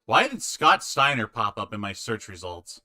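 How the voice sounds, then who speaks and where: A man's voice: fairly low pitch, very animated, normal speed, bright, forceful tone, dry recording, studio quality. A man hosting a casual stream call with friends, muttering to himself while he fiddles with the stream setup. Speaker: stream host.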